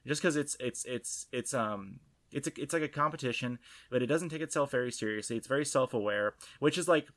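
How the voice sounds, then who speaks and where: Speaking a little fast in a fairly bright, mid-range voice, a man co-hosts a podcast. His casual chat rambles, full of fillers and restarts.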